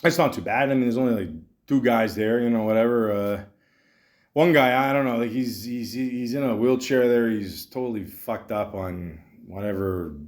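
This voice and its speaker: A man's voice: medium pitch, moderate pace, darkish tone. A man in his thirties from Canada hosting a podcast, telling a rambling story with lots of fillers and casual swearing. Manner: casual, profane, meandering with many fillers. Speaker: podcast host.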